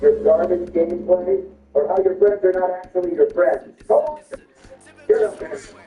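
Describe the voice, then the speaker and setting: A man giving confrontational gameplay commentary with trash talk and swearing, swinging between squeaky and low tones. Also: warm tone, distant mic. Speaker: gaming video host. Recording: echoey room, away from the mic, music behind.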